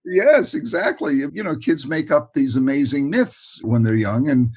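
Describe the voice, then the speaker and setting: An older man, a guest expert in a casual interview, talking with warm enthusiasm and often repeating words. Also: fairly high pitch, lively intonation, measured pace, slightly rough. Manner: warm, enthusiastic, repeats words and says "you know" a lot.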